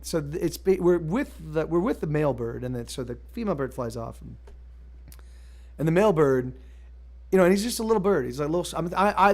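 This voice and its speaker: A man streaming live as a musician, chatting casually between songs in a rambling, halting way, restarting his sentences often and swearing now and then. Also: fairly high pitch. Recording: loud guitar music behind.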